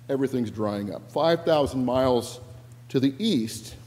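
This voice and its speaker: A man preaching a sermon in a big reverberant church hall. His voice is dark and mellow, mid-pitched, and he tells a story with small asides and self-corrections along the way. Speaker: pastor.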